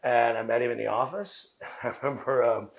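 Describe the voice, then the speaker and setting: A Southern-accented man with a gravelly, fried edge to his voice, talking as an interview guest. He races through rambling, profane anecdotes and acts out what other people said. His pitch sits in an ordinary male middle range. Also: fairly even intonation. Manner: fast talker. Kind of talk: casual interview storytelling.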